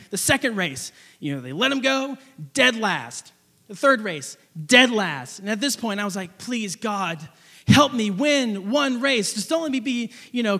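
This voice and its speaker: A young man preaching a sermon, telling a personal story in an animated, rambling way with many restarts. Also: high-pitched, gravelly, in a large hall.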